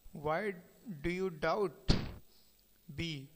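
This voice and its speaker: A man teaching a lesson by slow dictation, reading points aloud and spelling words out letter by letter. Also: on the high side, fairly even intonation, a bit bright, in a large hall, slight background noise, poor audio.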